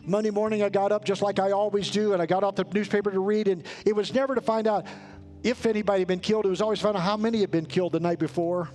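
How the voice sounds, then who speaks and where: A man with a notably high voice preaches to his congregation, earnest and rising to emphatic peaks as he tells a story. Soft guitar plays faintly beneath him in the sanctuary. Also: fairly even intonation, very fast. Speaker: pastor. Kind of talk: sermon with storytelling. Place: church sanctuary.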